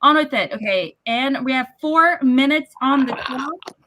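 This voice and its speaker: Brisk woman moderating a podcast debate. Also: high-pitched, expressive, pushed and bright, a little hiss or hum. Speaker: moderator and timekeeper. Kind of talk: comedic podcast hosting.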